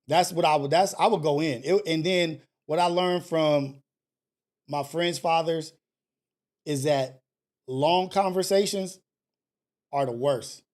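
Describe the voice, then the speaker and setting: A man hosting a live call-in stream, talking casually and preachily, swinging between loud scolding and low murmurs. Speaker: host of a live call-in show.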